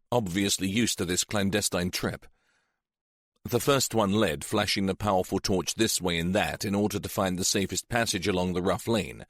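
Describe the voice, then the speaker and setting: Measured male audiobook narrator. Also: fairly low pitch, fairly bright tone, no echo, studio quality. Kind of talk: scripted narration.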